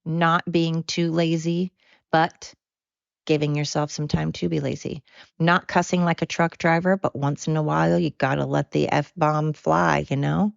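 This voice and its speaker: A woman's voice: sits low, little pitch movement, a little slow, gravelly, no room sound, muffled recording. A woman in her forties hosting a solo podcast, chatty and rambling with self-mocking asides. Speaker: podcast host. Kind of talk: casual solo podcast monologue.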